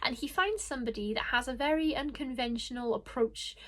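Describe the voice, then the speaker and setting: Woman, book vlogger, slightly high voice, chatty, gushing, full of fillers. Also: fairly quick, few pauses, a bit bright. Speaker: horror book reviewer. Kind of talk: casual book recommendation vlog.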